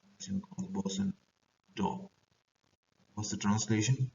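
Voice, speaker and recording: A man's voice: lowish voice, a little slow, a little mellow. A man with an Indian accent teaching a class, reading lines from a play aloud and then explaining them in plain words. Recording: distant dull lo-fi recording.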